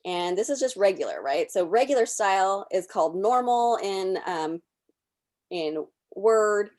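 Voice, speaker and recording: A woman presenting a workshop over a video call, explaining software step by step as she clicks through it. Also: medium pitch, animated, a little slow. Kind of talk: live software demonstration.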